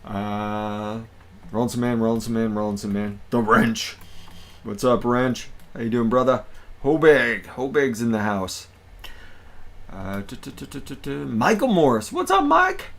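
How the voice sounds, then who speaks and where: A man's voice: mid-range voice, animated, unhurried, fairly bright tone, slight background noise. A man hosting a casual livestream, upbeat and greeting his viewers one by one. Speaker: livestream host.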